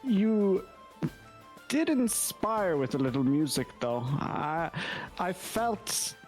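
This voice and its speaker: A man's voice: sits high, sing-song, takes it slowly, darkish tone, faint music behind, voice pushed up, full character voice. A man voicing an old male elf war veteran in a mixed Irish and British put-on accent, tagging his lines with "so it was". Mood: musing. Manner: musing, tags phrases with "so it was".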